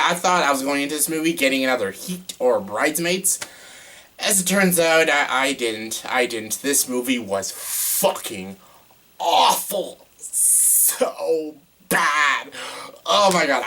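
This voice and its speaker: A man's voice: on the high side, bright, forceful tone. A young man giving a casual movie review, exasperated and ranting, with lots of "like" and frequent swearing. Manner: exasperated ranting, heavy use of "like", swears often.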